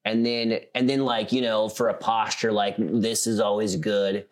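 A man's voice: lowish voice, level tone, moderate pace. A man from South Dakota co-hosting a podcast in casual chat, rambling and laughing often. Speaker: podcast co-host.

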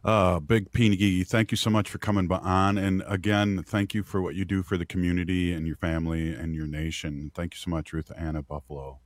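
A man's voice: deep voice, fairly quick, few pauses, no room sound. A middle-aged man hosting a radio show from Minnesota, chatting casually with guests, with lots of "uh" and laughs. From Twin Cities, Minnesota. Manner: relaxed, chatty, many fillers and laughs. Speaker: radio host.

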